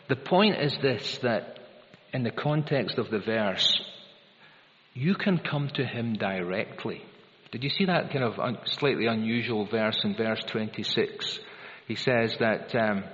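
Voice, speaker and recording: A man's voice: mid-range voice, a bit bright. A man preaching a sermon, stressing key phrases by repeating them. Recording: dull recording in a long-reverb hall.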